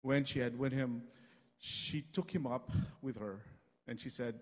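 A man reading scripture in a measured, solemn way during worship. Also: mid-range voice. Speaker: scripture reader. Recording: long church hall reverb.

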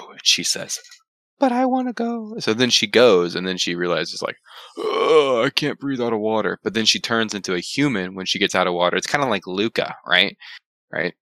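A man's voice: low voice, bright, forceful tone, dry recording. A young man co-hosting a casual podcast, joking and teasing his friends in crude slang. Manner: joking, crude, teasing, retells plots in silly voices. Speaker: podcast co-host. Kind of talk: casual chat.

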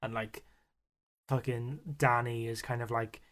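A man co-hosting a podcast, excitably retelling film scenes with lots of swearing and laughter. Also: medium pitch, unhurried. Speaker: podcast co-host. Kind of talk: casual chat.

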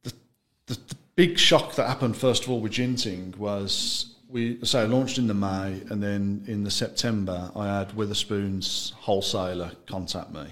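A man's voice: on the low side, steady tone, moderate pace, fairly bright tone. A man talking casually about his gin brand in an interview, chatty and loose, often trailing off mid-sentence. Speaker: gin brand founder, guest.

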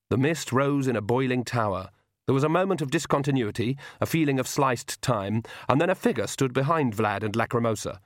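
A male audiobook narrator reading a comic fantasy novel in a measured, steady storytelling voice. His pitch is an ordinary middle range, and the recording is dry and close with no room sound. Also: no echo. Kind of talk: scripted narration.

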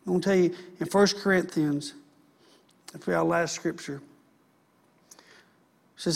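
A man delivers a sermon. His voice sits high for a man, and he drives his points home by repeating phrases with earnest conviction. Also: steady tone, a little slow, creaky, long pauses. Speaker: pastor.

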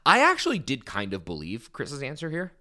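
Lively, bright-voiced man recapping a show. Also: mid-range voice, a little fast. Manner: animated, acts out quotes in a shifting voice. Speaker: podcast co-host. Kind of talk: casual recap chat.

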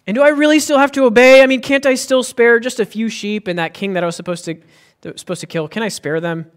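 Guy doing a high whiny king, sheepish, begging to dodge the blame. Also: steady tone, fast, clean tone. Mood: wheedling. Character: sheepish bargaining ancient male king.

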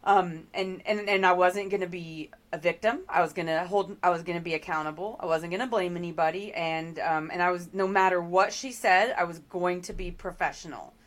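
A woman's voice: fairly low pitch, steady tone, fairly quick, few pauses. A middle-aged woman speaking as an interview guest, telling her story earnestly with frequent ums and restarts.

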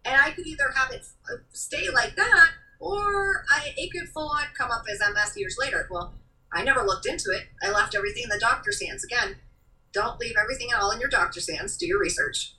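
An earnest, animated woman hosting a casual talk, her voice very bright with a tense edge. Her pitch swings widely as she speaks in rushes. She sits a little distant from the microphone. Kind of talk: casual podcast conversation. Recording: voice a bit distant from the mic.

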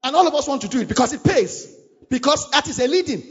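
A man's voice: extremely high pitch, expressive, quick pace. A man preaching a sermon, urging his listeners with fervent, repetitive lines. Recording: dull lo-fi recording.

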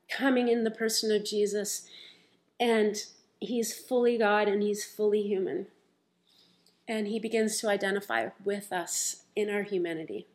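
A woman preaching a sermon, retelling scripture stories in a lively, conversational way. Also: fairly high pitch.

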